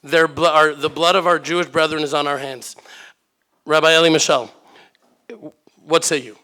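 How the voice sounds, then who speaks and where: A man's voice: a little high, fairly even intonation, normal speed, sharp tone. A man moderating a conference panel, earnest and with light jokes.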